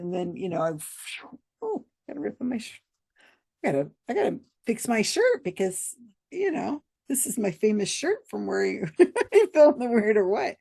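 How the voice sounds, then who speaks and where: An American woman tells a story straight to camera, chatty and rambling, with frequent laughs. Her voice has a gravelly edge and a husky, slightly breathy grain. The sound is dry and close, with little room around it. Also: lowish voice, a little mellow, no room sound.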